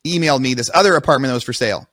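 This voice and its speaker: A man speaking as a podcast guest, racing through his story at a quick clip. His voice sits in a middle register and sounds close and dry. He often stops and restarts mid-sentence. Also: mid-range voice, dry recording. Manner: rapid, animated retelling with restarts. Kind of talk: casual storytelling.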